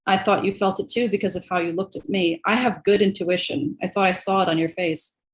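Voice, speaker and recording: A woman reading her own personal poem at an online open mic over a video call, in a quiet, reflective way. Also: mid-range voice, fairly even intonation, fairly quick.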